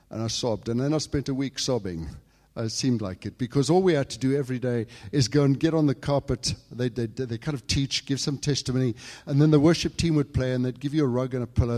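A man's voice: mid-range voice, brisk. Man preaching in an echoing hall. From England. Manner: storytelling, swings from hushed to shouting. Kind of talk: sermon with personal testimony.

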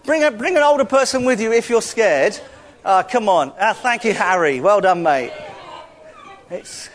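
A man leading a playful, interactive sermon, joking with the congregation and calling out to them loudly. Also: high voice, lively intonation, normal speed, some chatter behind. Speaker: church speaker.

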